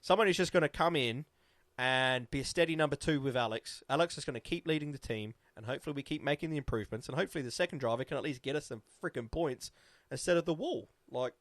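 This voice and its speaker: An opinionated man in casual podcast chat, breaking off and restarting his thoughts. His voice sits at a middle pitch. The sound is close and dry. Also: quick pace, a bit bright, no room sound. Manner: opinionated, restarts and repeats himself. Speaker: podcast co-host.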